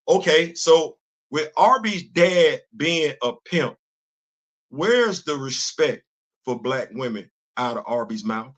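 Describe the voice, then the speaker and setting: A man's voice: a little high, lively intonation, slow, fairly bright tone. An older man hosting a livestream commentary show, talking with animation and repeating words as he starts sentences. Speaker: host.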